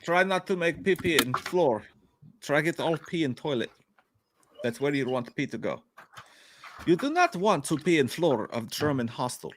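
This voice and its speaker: A man's voice: a little high, big pitch swings, normal speed, a little hiss or hum. A man doing a comic voice of a boastful man with a mock Russian accent, speaking in broken grammar and giving mock advice to a friend. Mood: mock-solemn. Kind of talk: comic improvised bit on a live show.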